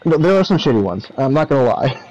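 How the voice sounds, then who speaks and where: A man's voice: medium pitch, very animated, fast, darkish tone. A man co-hosting a game stream, playful and teasing in casual chat. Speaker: co-host. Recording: dull, lo-fi sound.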